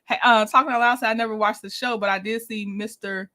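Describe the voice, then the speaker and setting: A woman's voice: fairly high pitch, steady tone, quick pace, sharp tone. A woman hosting a casual livestream, chatting with viewers, greeting them by name and laughing often as she reviews a reality show.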